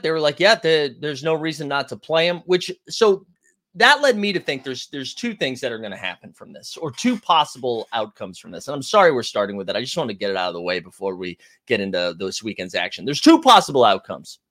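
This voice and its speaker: A man's voice: fairly high pitch, pushed and bright. A young man hosting a casual basketball talk show, rambling, swearing and answering his live chat as he goes. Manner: rambling, profane, reacts to chat. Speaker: podcast host.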